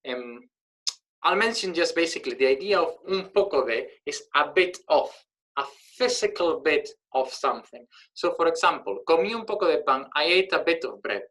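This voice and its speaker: A man's voice: on the high side, expressive, normal speed, a bit bright, rough recording. A man explaining Spanish grammar in English as a teacher, thinking aloud with fillers and slipping Spanish words in.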